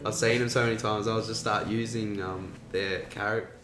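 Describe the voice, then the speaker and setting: A man's voice: on the low side, flat delivery, moderate pace. A man with an Australian accent chatting as a podcast guest, laid-back and rambling, swearing casually. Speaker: guest, animation creator. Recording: echoey room, faint music.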